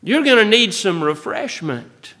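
A man's voice: sits high, very animated, unhurried, pushed and bright. A man preaching a sermon as pastor. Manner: folksy preaching, rising to bold emphasis.

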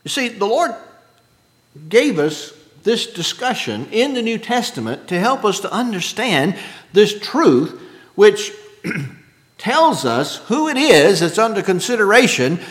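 A man preaching an expository sermon with a drawn-out, emphatic cadence, often clearing his throat. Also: high voice, big pitch swings. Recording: echoey hall with long reverb.

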